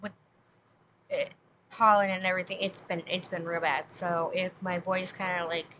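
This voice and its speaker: A woman's voice: lowish voice, little pitch movement, moderate pace, pushed and bright. A woman streamer chatting casually and rambling with fillers, her breath short from asthma. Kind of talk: casual live-stream chat. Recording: slightly dull lo-fi mic, faint noise.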